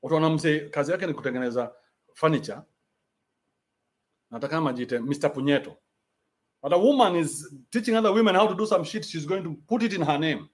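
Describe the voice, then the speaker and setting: A man's voice: fairly high pitch, fast, long pauses. A man with a Kenyan accent hosting a livestream, reading out donations and ranting bluntly with plenty of profanity.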